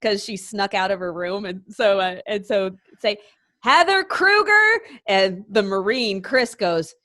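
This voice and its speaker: A woman's voice: mid-range voice, steady tone, unhurried. A woman chatting casually as a guest on a movie podcast, laughing often as she retells scenes. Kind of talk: casual chat.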